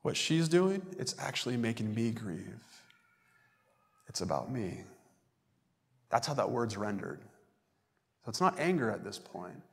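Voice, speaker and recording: Male pastor, mid-pitched, conversational sermon delivery, recorded in a reverberant church sanctuary. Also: sing-song, a little slow, gravelly, pauses often. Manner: conversational preaching, acts out quoted voices.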